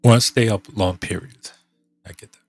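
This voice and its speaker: A man with a very low, gravelly voice talks in a loose, rambling way as a podcast host. He sounds congested and hoarse, with a husky edge, and he keeps stopping and trailing off mid-thought. Faint music plays behind him. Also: steady tone, no room sound. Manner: halting, trailing off, thinking aloud. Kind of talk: rambling casual chat.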